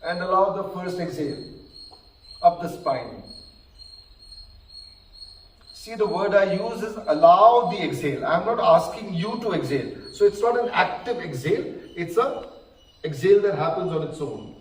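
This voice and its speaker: A man calmly guiding a group through yoga breathing and counting, slightly out of breath. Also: sits high. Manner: calm, counting slowly, gently checking in. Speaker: yoga instructor. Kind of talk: guided breathing instruction. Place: large hall at a live session. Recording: very echoey hall, distant mic, faint noise.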